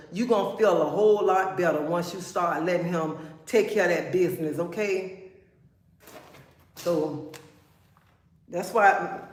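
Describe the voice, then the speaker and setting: A woman hosting a casual livestream gives blunt, preachy advice. She keeps checking in with "okay?" and calling listeners "honey". Her voice echoes around a bare room. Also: medium pitch. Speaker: livestream host.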